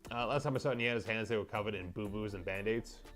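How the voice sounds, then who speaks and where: A man's voice: lowish voice, fast talker, a bit bright, soft background music. A young man livestreaming as he paints miniatures, rambling and joking with his chat.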